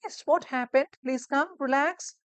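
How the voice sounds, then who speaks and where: A woman voicing a gentle, reassuring nurse in an emergency ward, speaking in a slow sing-song way. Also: mid-range voice, dry recording, voice pushed up, natural voice. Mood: soothing. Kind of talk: role-play demonstration.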